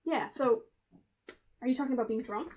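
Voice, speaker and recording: An American woman streaming, chatting casually in an animated, incredulous way. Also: high voice, a little fast. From United States. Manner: animated, incredulous, laughs a lot. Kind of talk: casual livestream chat.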